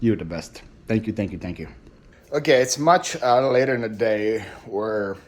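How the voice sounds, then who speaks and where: Chatty excitable man vlogging to camera. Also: on the low side, moderate pace. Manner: chatty and excitable, thinking aloud. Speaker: reselling vlogger. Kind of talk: casual vlog to camera. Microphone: phone camera.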